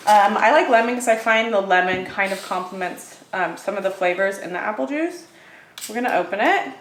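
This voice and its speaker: A woman's voice: mid-range voice, expressive, a little hiss or hum. Chatty woman in an echoey kitchen. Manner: chatty, upbeat, quick with fillers. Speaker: vlogger reviewing grocery finds. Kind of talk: casual haul review.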